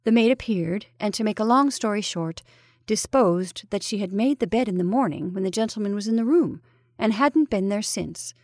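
A woman storyteller reading a ghost story aloud with measured, even narration. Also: medium pitch, no room sound, studio quality.

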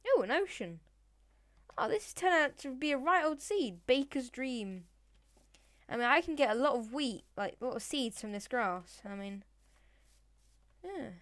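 A woman's voice: a little high, lively intonation, moderate pace, no room sound. A woman giving playful, chatty gameplay commentary, talking to in-game animals and dropping into whispered asides. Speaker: Let's Play gamer.

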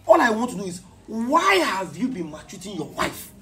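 A woman playing an elder brother who scolds his sibling, excitable and fast. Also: medium pitch, low-quality recording. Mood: scolding. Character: elder brother calling a family meeting.

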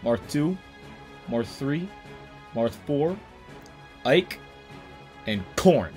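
A man hosting a comedy rant. He rambles on loosely and bursts out loud now and then. Faint guitar plays behind his voice. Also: mid-range voice, animated, very slow. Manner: rambling, with sudden loud outbursts. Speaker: video host.

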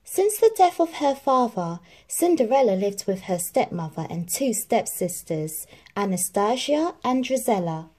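Female storybook reader, expressive, gentle, unhurried delivery with lively melody. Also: a little high. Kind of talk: children's book read-aloud.

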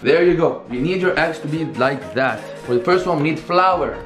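A man's voice: a little high, normal speed. Upbeat young man in an echoey kitchen. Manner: upbeat, chatty, talks while working. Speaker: cooking vlogger. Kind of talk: casual cooking tutorial. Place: home kitchen. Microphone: camera held by another person. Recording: echoey room with music behind. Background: background music.

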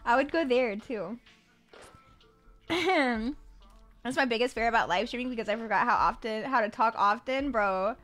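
A woman's voice: fairly high pitch, normal speed, long pauses, a bit bright. A young woman from the Florida Panhandle chatting casually with her live-stream viewers, rambling with lots of fillers and stumbling over her words. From Florida Panhandle, USA. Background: faint music.

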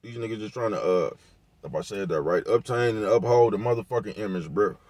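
A man with a lowish voice speaks in in a loose, repetitive rant. He drops slang and profanity all the way through, recorded dry and close with no room sound. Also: a little fast, a little mellow, dry recording. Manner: laid-back, repetitive, peppered with slang and profanity. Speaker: vlogger giving commentary. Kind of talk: casual rant to camera.

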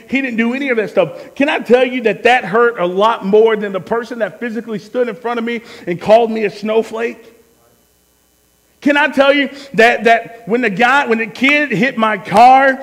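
A man preaching a sermon as a pastor, telling stories and swinging from loud to hushed. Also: sits high, in a large hall. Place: church sanctuary.

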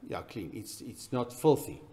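A man preaching a sermon in a church, swinging between loud emphatic bursts and quiet, intense passages. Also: medium pitch, animated, measured pace. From South Africa. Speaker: pastor.

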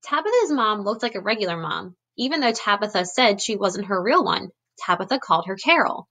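A woman teacher speaks to her class through a computer webcam, gently recapping before reading a storybook aloud. Her voice is bright and clear, with a mid-range pitch. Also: expressive, a little fast, hardly any pauses.

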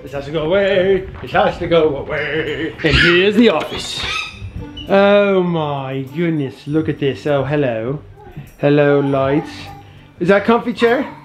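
Excitable dad giving a home tour. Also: male voice, fairly high pitch. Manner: excitable, exclamatory, talking to kids and viewers. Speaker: father and family vlog host. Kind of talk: casual home-tour vlog. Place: family home indoors. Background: background music.

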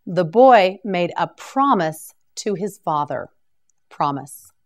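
Slow, lively-voiced woman vocabulary teacher. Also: on the low side. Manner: slow, carefully enunciated repetition with encouraging praise. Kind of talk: scripted vocabulary drill lesson.

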